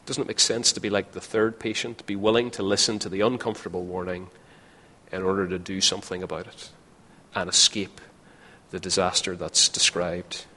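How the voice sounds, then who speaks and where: Male preacher, earnest, low-pitched, long church reverb. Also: level tone, brisk, sharp tone. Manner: earnest, acts out imagined voices. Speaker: pastor. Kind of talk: sermon.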